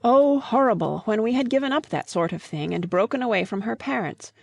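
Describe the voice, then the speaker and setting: A woman's voice: on the high side, animated, a little fast, gravelly, a little mellow, dry recording, clean studio sound. A woman reading the part of a grieving old father in an audiobook, earnest and pleading.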